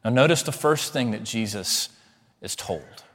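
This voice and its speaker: A man preaching a sermon as a pastor, swinging between loud emphatic lines and hushed ones. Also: on the low side, expressive, unhurried. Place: church sanctuary. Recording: long hall reverb.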